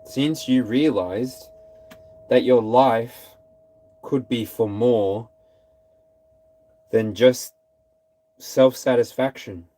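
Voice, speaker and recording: A man giving a casual tarot reading, animated and repetitive, now and then singing or whooping. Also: medium pitch, extremely slow, long pauses. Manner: animated, repeats phrases, breaks into scat singing and whoops. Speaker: tarot reader.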